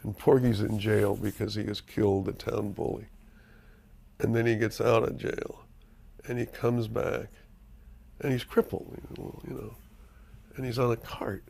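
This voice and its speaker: An older man with a gravelly, creaky voice tells stories candidly in an interview. He is animated and emphatic and swears freely. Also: on the low side, a little slow, long pauses. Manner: animated storyteller, profane and emphatic. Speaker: screenwriter being interviewed.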